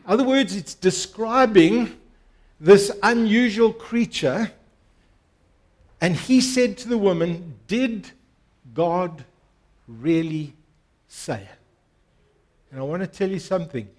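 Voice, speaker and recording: A man with a notably high voice delivers a sermon as a pastor. He preaches earnestly, repeats key phrases for emphasis and draws the congregation into responding aloud. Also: expressive, a little slow.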